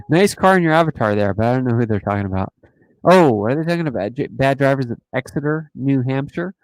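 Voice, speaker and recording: A man's voice: mid-range voice, lively intonation, brisk, no room sound, rough recording. A man hosting a casual live stream, joking and rambling in a playful, silly way.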